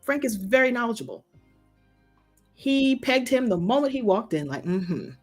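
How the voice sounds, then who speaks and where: A woman in casual chat, expressive and slangy, riffing on a TV show with co-hosts. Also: fairly high pitch, moderate pace, soft background music. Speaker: co-host of a TV episode discussion.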